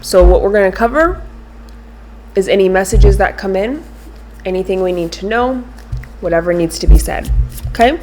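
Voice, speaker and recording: A woman giving a casual monthly tarot reading, chatting and murmuring softly as she shuffles cards. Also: medium pitch, moderate pace, pauses often. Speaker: tarot reader. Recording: music in background. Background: clear background music, shuffling cards.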